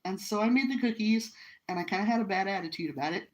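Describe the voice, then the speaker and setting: A woman's voice: medium pitch, fast talker, low-quality recording. A middle-aged woman from the United States, hosting a live stream at home by the fire and telling a personal story in a casual, earnest, emotional way with many restarts. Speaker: livestream host.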